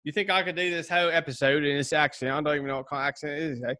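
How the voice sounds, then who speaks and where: A man's voice: very high voice, extremely slow, bright, forceful tone, pitched above the performer's own voice, full character voice. A male podcast co-host voicing a jokey man in a vague put-on foreign accent, playful and goofy.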